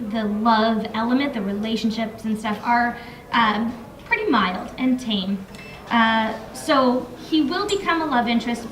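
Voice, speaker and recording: A woman's voice: on the high side, fairly bright tone, a little hiss or hum. A young woman author reading aloud from her novel in a library, with casual, filler-laden asides between passages. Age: young adult. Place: library room. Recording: echoey room, mic from far off.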